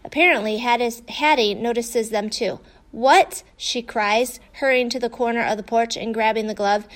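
A woman narrating a children's story in a lively way. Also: on the high side, moderate pace. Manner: lively, voices the dogs' dialogue. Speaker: audiobook narrator.

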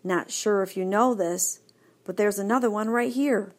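A woman voicing an excitable young male dog in a storybook reading, bouncy and enthusiastic. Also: mid-range voice, normal speed, close to an everyday voice. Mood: eager.

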